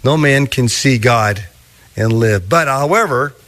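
A man preaching a sermon, teaching through a scripture passage with slow, deliberate emphasis. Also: medium pitch, fairly bright tone. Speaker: pastor.

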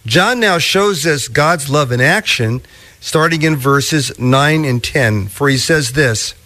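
Slow, deliberate male preacher. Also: fairly high pitch, animated, bright, forceful tone. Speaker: pastor. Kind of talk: sermon.

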